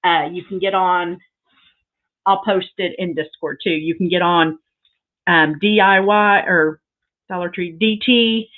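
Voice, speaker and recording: Slow-talking woman, tinny phone-like sound. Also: lowish voice, fairly even intonation. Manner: gushing, sentimental, rambling with many fillers. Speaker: crafting livestream host. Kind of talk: casual live chat with viewers.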